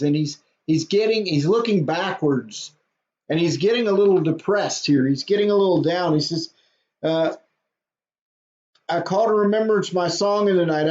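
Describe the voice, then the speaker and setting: Pastor, high male voice, reads a psalm then explains it plainly; dull lo-fi sound. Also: a little mellow. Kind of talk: devotional Bible reading and commentary. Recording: dull lo-fi audio.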